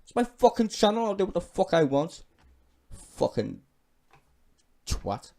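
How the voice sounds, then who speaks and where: A man with a British accent rants through a profane reaction commentary. His voice sits a little higher than most men's, and he talks with open scorn. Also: big pitch swings, measured pace, vocal fry, warm tone. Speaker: YouTube commentator.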